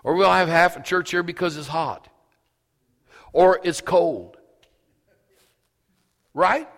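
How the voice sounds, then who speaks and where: A man's voice: high-pitched, takes it slowly, vocal fry, fairly bright tone. A man preaching a sermon as a pastor, telling a homespun story and building to fervent, emphatic preaching. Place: church. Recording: reverberant church hall.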